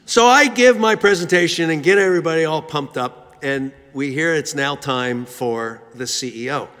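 A man's voice: fairly high pitch, moderate pace, hardly any pauses, fairly bright tone. A man preaching a sermon, telling a story with rhythmic repetition. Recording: long hall reverb.

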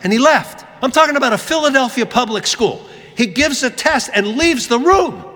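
A man's voice: very high-pitched, lively intonation, moderate pace, sharp tone. A man giving a sermon, telling a funny story and acting out the voices of the people in it. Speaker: preacher. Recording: long reverb of a large hall.

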